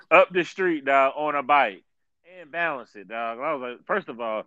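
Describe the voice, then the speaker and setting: A man's voice: mid-range voice, a little slow, clear, resonant tone, muffled recording. A man in casual chat, telling stories with lots of laughter and repeated slang. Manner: animated storyteller, says "dog" often, laughs while telling.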